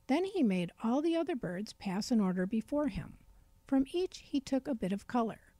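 A woman reads a children's storybook aloud in a gentle, clear way. Her voice sits a little high, with a warm, mellow tone. The recording is close and dry. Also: lively intonation, moderate pace, no echo.

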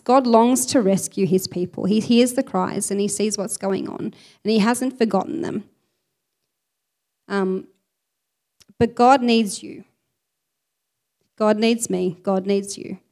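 Woman preacher, expressive sermon delivery, medium pitch. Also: measured pace, long pauses. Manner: expressive, reads scripture aloud with emphasis.

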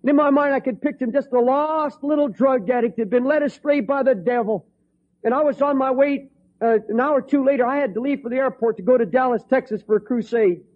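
A middle-aged man preaching a storytelling sermon, impassioned, swinging from hushed tones to ringing cries. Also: extremely high pitch, fast talker. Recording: dull lo-fi recording.

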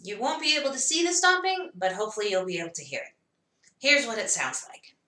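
Lively bright-voiced woman teaching music. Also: fairly high pitch, fast talker, roomy sound. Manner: encouraging, chants the song rhythmically. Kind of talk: children's music lesson.

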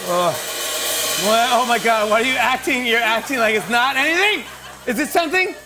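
A man's voice: very high-pitched, expressive, moderate pace. A male talk show host running a game segment on a studio stage, panicky and giggly, shrieking in disgust. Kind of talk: playful game segment banter.

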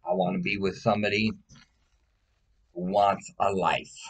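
A man's voice: sits low, level tone, measured pace. A man speaking in a casual personal monologue, rambling and blunt, swearing often and pleading emotionally.

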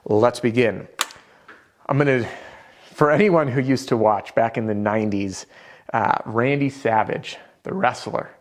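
A man's voice: mid-range voice, a little slow. A man giving a direct, upbeat sales coaching lesson to camera, with a self-deprecating touch. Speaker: sales trainer.

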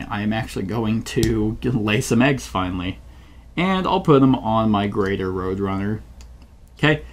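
Slow, low-voiced man thinking aloud. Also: a little hiss or hum. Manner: rambling, searches for words mid-sentence. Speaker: channel host playing a board game solo. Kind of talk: thinking-aloud playthrough commentary.

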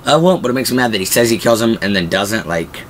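A man giving a casual, excitable recap of TV episodes, acting out the quotes as he goes. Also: on the low side, fast talker, slight background noise. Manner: excitable, acts out quotes from the show. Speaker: video host.

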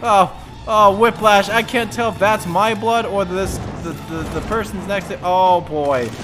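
A man's voice: high-pitched, unhurried. A man streaming games in a casual, jokey way, talking back to what he sees on screen. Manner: animated, jokey, talks to the game. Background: game music.

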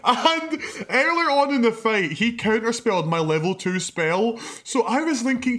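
A young male podcast co-host in casual conversation. He tells a story with lively, profane energy and breaks into laughter mid-sentence. His voice sits slightly higher than most men's. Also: normal speed, hardly any pauses. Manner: animated, swears a lot, laughs mid-sentence.

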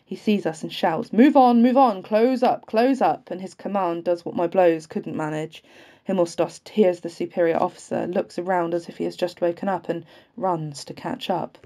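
Low, mellow woman reading a novel aloud. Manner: steady reading with occasional slips and restarts. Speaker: audiobook reader.

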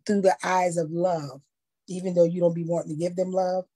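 A woman in a faith discussion who talks in a preachy, animated way and acts out quotes. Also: fairly low pitch, fairly quick, husky. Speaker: panelist.

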